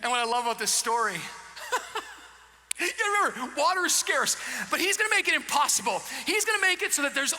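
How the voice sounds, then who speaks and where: A male pastor preaching a sermon dramatically, moving from loud, emphatic lines to hushed, slow ones. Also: very high voice, very animated. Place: church sanctuary. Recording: long church hall reverb.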